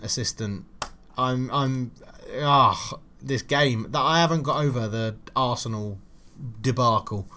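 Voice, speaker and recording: A man giving casual, exasperated commentary over a football management game, muttering then shouting as chances come and go. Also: medium pitch. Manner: swearing, exasperated, swings from mutters to excited shouts. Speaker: gaming channel host.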